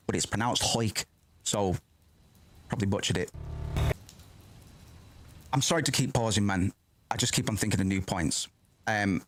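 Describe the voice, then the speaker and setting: A man's voice: mid-range voice, dry recording. A man streaming a film reaction in casual, rambling commentary, swearing freely and breaking off his own sentences. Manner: rambling, excitable, swears often, self-interrupting.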